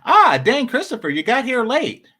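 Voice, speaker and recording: Sarcastic man, high and animated. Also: normal speed, husky. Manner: sarcastic, repeats points for emphasis. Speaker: commentary channel host. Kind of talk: casual video commentary.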